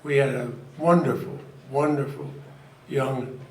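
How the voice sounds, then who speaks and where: A man's voice: mid-range voice, steady tone, a little mellow. An older man, a retiring senator, giving a rambling, self-deprecating anecdotal speech to an audience at an event. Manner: rambling storyteller, self-deprecating humor, frequent pauses. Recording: echoey hall, noisy crowd. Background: audience laughter and room noise.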